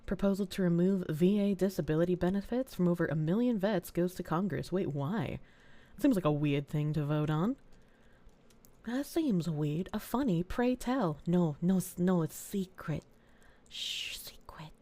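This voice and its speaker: A woman streaming live, thanking viewers in casual, sleepy, low-key chat and swearing freely. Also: moderate pace, dark tone. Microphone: desk mic with gain turned up.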